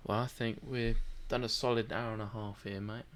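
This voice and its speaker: A man's voice: fairly low pitch, level tone, moderate pace, fairly bright tone. A tired man co-hosting a podcast, rambling and joking through a casual late-night chat. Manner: rambling, joking, laughs often. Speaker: podcast co-host.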